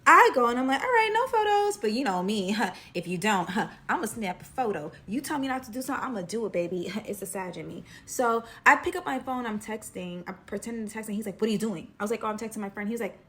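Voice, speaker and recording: A woman's voice: mid-range voice, fast, hardly any pauses, husky. A young woman telling a personal story in a casual, chatty way, full of fillers and acted-out quotes. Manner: chatty, animated, many fillers.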